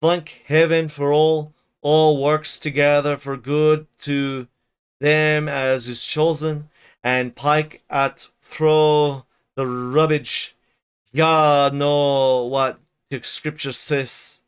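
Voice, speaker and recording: A man doing a sour, pious old servant, his voice pitched a bit higher and pushed louder than plain talk. He drags every phrase out slowly, droning on like a sermon. The tone stays smooth and clear, as in a dramatic novel reading. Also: little pitch movement. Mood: preaching. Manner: slow, droning, sermonizing delivery.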